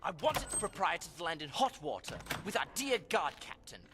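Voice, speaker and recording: A man's voice: high voice, very animated, a little fast, noisy background. An actor playing a scheming, haughty male elf mage in a video game, with a nasal, theatrical voice. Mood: sly. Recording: game audio over background music.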